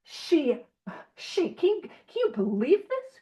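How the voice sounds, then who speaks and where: A woman's voice: extremely high pitch, sing-song, slow pace. A woman leading a recovery book study group, teaching in a casual, playful way and laughing often. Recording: dull lo-fi audio.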